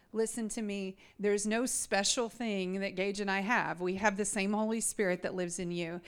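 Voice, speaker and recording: A woman in her thirties giving an earnest, animated mission trip testimony to a church congregation, talking straight to the listeners. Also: medium pitch, clear, resonant tone. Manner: earnest and animated, addressing the audience directly.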